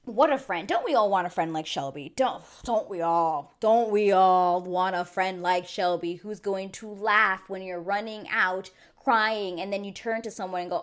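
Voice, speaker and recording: A woman giving a chatty, animated recap to her channel viewers, acting out quotes as she goes. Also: medium pitch, normal speed, few pauses. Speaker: YouTube reviewer. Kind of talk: casual recap monologue.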